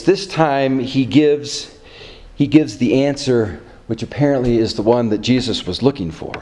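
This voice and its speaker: A male pastor preaching a sermon, telling a story with chuckles and animated character voices. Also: medium pitch.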